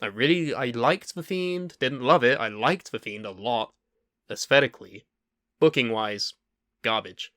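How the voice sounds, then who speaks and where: Male co-host, bright forceful tone, dry close sound, measured and thoughtful. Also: mid-range voice, dry recording. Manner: thoughtful, hesitant with fillers. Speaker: podcast co-host. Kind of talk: casual chat.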